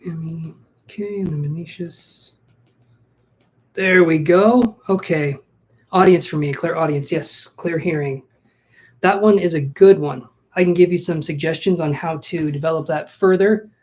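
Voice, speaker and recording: A man's voice: a little high, a little slow, a little mellow. A man hosting a casual live-stream tarot reading, chatty and self-joking, thinking aloud as he greets viewers and shuffles cards. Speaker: tarot reader.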